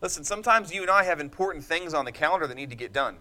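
High-voiced man preaching a passionate sermon. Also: lively intonation, very fast, pushed and bright. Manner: impassioned, emphatic preaching with call-and-response asides.

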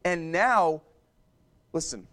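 A man delivering a church sermon in a relaxed, conversational manner. His voice sits slightly higher than most men's, and he often restarts phrases and breaks off to talk to the listeners. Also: drawn-out words. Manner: conversational preaching with frequent restarts and asides to the congregation. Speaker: preacher.

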